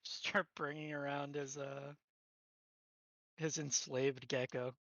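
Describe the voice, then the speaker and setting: A man's voice: fairly high pitch, flat delivery, slow, fairly bright tone, dry recording, highs cut off. A man playing in an online tabletop game, joking and laughing often. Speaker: player. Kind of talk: casual chat at a game table.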